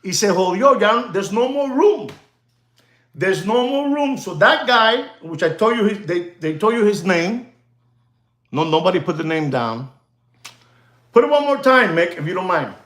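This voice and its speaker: A man chats casually to livestream viewers, rambling and repeating himself. His voice sits high and swings widely in pitch. The sound is roomy and echoey. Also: big pitch swings, measured pace, a bit bright. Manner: rambling, repetitive, laughs often. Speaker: watch dealer hosting a livestream.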